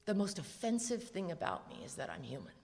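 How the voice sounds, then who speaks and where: A woman's voice: on the low side, wildly swooping pitch, fairly quick, gravelly, a little mellow, slightly rough. An American woman giving a blunt, profane, emphatic recovery talk at a convention. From USA. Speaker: recovery speaker. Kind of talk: live speech at a convention. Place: large convention hall. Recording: echoey convention hall.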